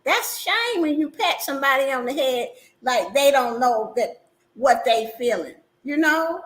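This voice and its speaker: A woman hosting a casual livestream talk show, animated and emphatic, often laughing as she talks. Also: high voice, a little slow, rough recording. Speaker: livestream host.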